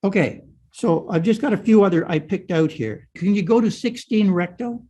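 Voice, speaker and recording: Older guy lecturing on an old manuscript, kinda husky, highish voice, keeps asking "right?". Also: moderate pace, warm tone. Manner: explanatory, frequent "right?" checks.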